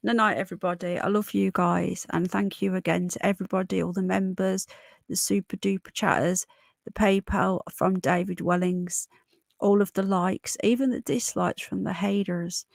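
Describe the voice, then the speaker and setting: A woman in her early forties with a hoarse voice, hosting a casual livestream and chatting with viewers, calling them love and darling. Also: mid-range voice, fairly even intonation, normal speed, no room sound. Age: 40s. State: hoarse from illness. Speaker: livestream host. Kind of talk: casual live chat.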